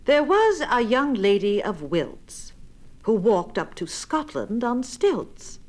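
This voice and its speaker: A woman reads comic verse at a very unhurried pace, taking her time over each line. Her medium-pitched voice moves expressively up and down. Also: sing-song, darkish tone. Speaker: poetry reader. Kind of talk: reading limericks aloud.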